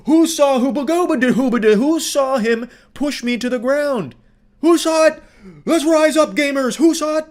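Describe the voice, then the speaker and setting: A man mimicking a shrill raging woman. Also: brisk, hardly any pauses, darkish tone. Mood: shrill mockery. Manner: mocking, exaggerated shrieking.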